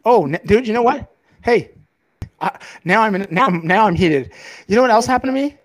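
A fired-up man with a slightly high voice vents on a filmed podcast, swearing freely and talking over his co-host. His delivery is casual and heated. He rants rather than speaks calmly. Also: fairly quick. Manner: heated, profane, ranting. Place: podcast set filmed on camera.

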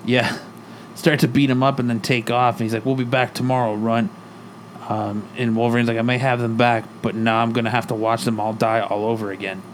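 Speaking a little fast with a flat delivery, this podcast co-host walks through a comic book plot casually and reads the characters' dialogue without changing his voice. His voice is mid-range, and there's slight background noise.

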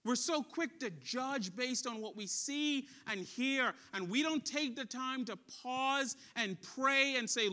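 A man preaching a sermon as pastor, asking the congregation questions and dropping soft and quiet for a story. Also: very high-pitched, slow pace, few pauses.

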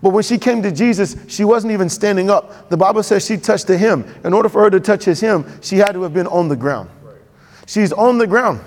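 A man preaching a sermon, talking conversationally and quickly and asking the congregation questions. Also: sits high. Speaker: pastor. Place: church sanctuary. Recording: long reverb of a church hall.

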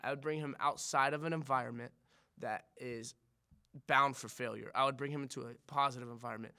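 A man speaks as a podcast guest in casual chat, quick and a bit gravelly. He rambles earnestly, restarting his sentences and cursing now and then. His tone is bright and a little tense. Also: mid-range voice, steady tone.

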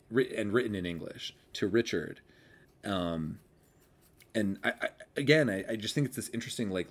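A man talking through ideas about a novel on a video call, rambling with many fillers and restarts. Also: deep voice. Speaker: book club member. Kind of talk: casual video-call discussion.

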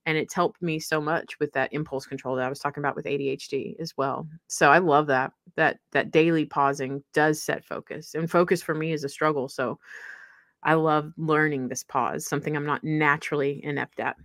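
A woman's voice: low-pitched, fairly quick, dry recording, studio quality. A middle-aged woman co-hosting a faith podcast, chatting animatedly and laughing often. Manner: animated, laughs often, acts out quoted voices. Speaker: podcast co-host. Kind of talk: casual chat.

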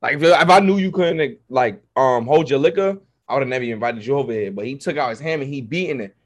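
A man's voice: mid-range voice, quick pace. A man in casual chat, telling a story with lots of slang and acting out the people in it. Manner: animated storyteller, slangy, acts out quotes.

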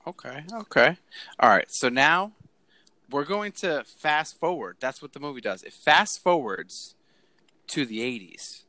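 Bright-voiced man recapping a film. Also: a little high, unhurried, no echo. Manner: lively scene-by-scene retelling. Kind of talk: casual movie discussion.

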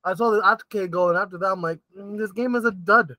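A man's voice: high voice, quick pace, sharp tone, no echo. A man co-hosting a casual football podcast, talking in a laid-back, conversational way. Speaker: podcast co-host. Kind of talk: casual sports podcast chat.

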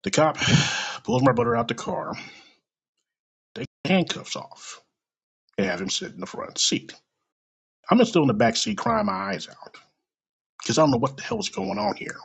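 A man's voice: sits high, lively intonation, moderate pace, gravelly, long pauses, breathy edge. A man telling a personal story aloud in a blunt, profane and emotional way.

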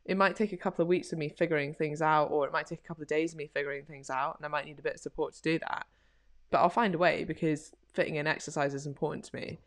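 Woman with a really low voice chatting on a podcast, says like a lot, acts out her own thoughts. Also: quick pace. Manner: chatty, many fillers like "like", acts out inner thoughts. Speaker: podcast co-host and coach. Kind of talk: casual motivational chat.

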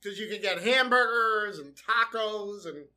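A man co-hosting a podcast, recapping a sitcom episode in casual chat, often murmuring soft agreement. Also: high-pitched, a little slow. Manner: chatty, with many soft backchannel murmurs. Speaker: podcast co-host.

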